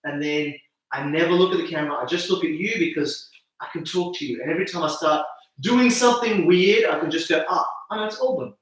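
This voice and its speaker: A man's voice: a little high, a little fast, heavy reverb, far from the mic, poor audio. A man explaining on-camera video tips as an interview guest, acting out reactions with gasps and laughs. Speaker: video campaign founder, guest.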